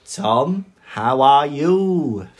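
A man's voice: on the high side, animated, drawn-out words. A young adult man, co-hosting a podcast in casual chat and mimicking people in his stories. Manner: chatty storyteller, mimics others in his anecdotes. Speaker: podcast co-host.

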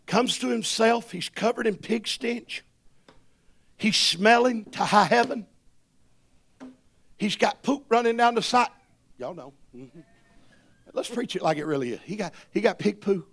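Male pastor, high and gravelly, preaching with fire and call-and-response. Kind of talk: sermon.

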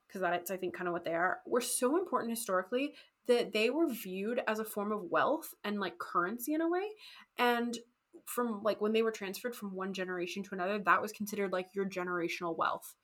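A woman casually telling a history story on a podcast, animated and jokey, acting out quotes. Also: medium pitch, brisk. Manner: animated, jokey, acts out quotes in goofy voices. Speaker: podcast co-host.

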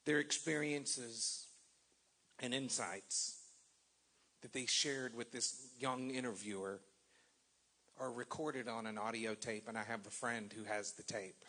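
A man preaching a sermon and reading scripture, with dramatic pauses, swelling loud and then dropping to a hush. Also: mid-range voice, slightly rough. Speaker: pastor.

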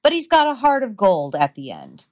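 A woman's voice: on the high side, huge pitch swings, moderate pace, a little mellow. Enthusiastic woman podcast guest. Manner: enthusiastic, opinionated. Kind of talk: casual chat.

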